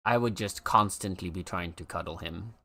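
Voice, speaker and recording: A streamer chatting casually with viewers, gushing over pets with drawn-out exclamations and a cooing voice. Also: low voice, gravelly, bright, forceful tone.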